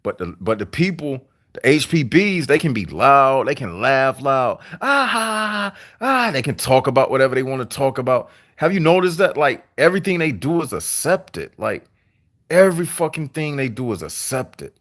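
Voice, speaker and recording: A man delivering a deliberate, repetitive, preachy monologue to his viewers on a livestream. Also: mid-range voice, animated, fairly bright tone. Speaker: vlogger.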